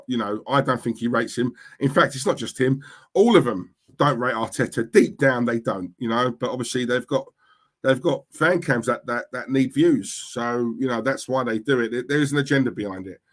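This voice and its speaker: Mid-range and fairly bright, a young man with an East London Cockney accent runs a relaxed livestream, reading comments and chatting. He's blunt and often says things twice.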